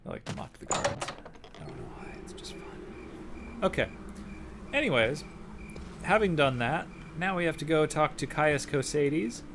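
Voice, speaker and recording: A young man with a slightly high voice giving relaxed gameplay commentary. He rambles, thinks out loud and cracks dry jokes as he goes. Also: a little slow, pauses often, background noise. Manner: rambling and joking, thinking aloud while playing. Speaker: game streamer.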